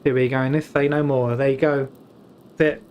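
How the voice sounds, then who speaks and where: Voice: mid-range voice, level tone, a little fast, muffled recording, slight background noise. A British streamer playing a story game, reading its dialogue aloud and tossing in casual, wry asides while stumbling over names.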